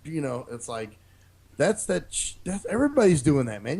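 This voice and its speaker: A man's voice: a little high, big pitch swings, normal speed, dark tone, slightly rough. A man co-hosting a podcast, giving laid-back, slangy, blunt criticism of a rap track. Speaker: podcast co-host. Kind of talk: casual critique chat.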